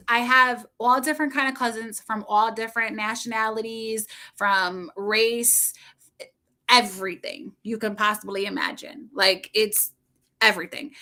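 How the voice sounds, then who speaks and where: Bright-voiced chatty middle-aged woman. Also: a little high. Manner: rambling, chatty, laughs often. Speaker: livestreamer. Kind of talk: casual chat with viewers.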